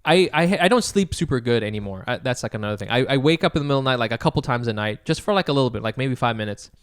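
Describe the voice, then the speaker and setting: A man's voice: mid-range voice, animated, racing. A young man co-hosting a podcast, chatting casually and telling a rambling story with plenty of casual swearing. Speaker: podcast co-host. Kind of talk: casual chat.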